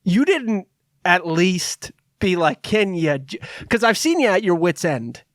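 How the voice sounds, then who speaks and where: A man's voice: sits high, very animated, unhurried, a bit bright, no room sound, clean studio sound. A man co-hosting a podcast, teasing his friend and joking around in casual chat. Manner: teasing, jokey. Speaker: podcast co-host.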